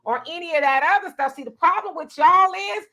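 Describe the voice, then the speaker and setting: Woman host, high bright voice, blunt and pushy in debate. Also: expressive, fairly quick. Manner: blunt, challenging, talks over others. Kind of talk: casual group chat.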